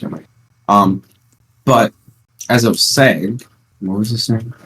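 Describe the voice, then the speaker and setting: A teenage podcast host at home, chatting casually and rambling through stories with playful sarcasm. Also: male voice, on the low side, steady tone, normal speed, a bit bright. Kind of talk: casual chat.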